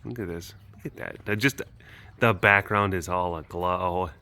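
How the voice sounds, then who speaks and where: A man's voice: low-pitched, normal speed, creaky, bright, forceful tone. A man chatting casually to camera outdoors by animal enclosures, doting and affectionate toward the cats. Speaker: vlogger at a wild animal facility. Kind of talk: casual vlog chat to camera.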